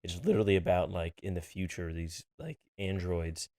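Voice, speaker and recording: A laid-back man co-hosting a couples podcast, his voice sitting very low. He chats casually and teases with a joking edge. The recording is dry and close. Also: normal speed, a little mellow, no room sound. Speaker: podcast co-host. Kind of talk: casual chat.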